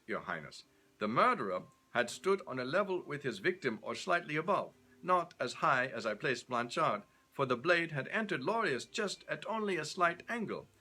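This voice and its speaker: Brief: shrewd investigator voiced by a man, measured questions, raised pitch. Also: pushed and bright, heavily acted. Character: shrewd, commanding Italian investigator.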